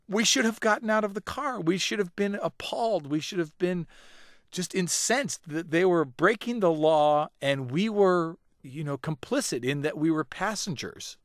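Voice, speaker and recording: A man telling a first-person story in an animated, wry way. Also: high voice, moderate pace, dry recording.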